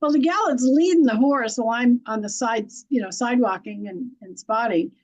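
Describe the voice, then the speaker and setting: High-voiced blunt folksy woman. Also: moderate pace, a little mellow, rough recording. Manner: blunt, folksy, laughs often. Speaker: guest, intuitive and animal communicator. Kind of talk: conversational storytelling.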